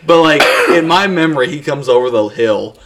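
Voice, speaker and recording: A man's voice: a little high, lively intonation, brisk, over a noisy crowd. Crude laughing storyteller man. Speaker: podcast co-host. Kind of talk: casual storytelling chat.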